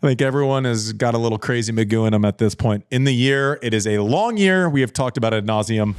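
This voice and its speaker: A man's voice: medium pitch, quick pace, hardly any pauses, soft background music. A man hosting a podcast in casual chat, candid and self-deprecating, often repeating himself while he thinks. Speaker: podcast host.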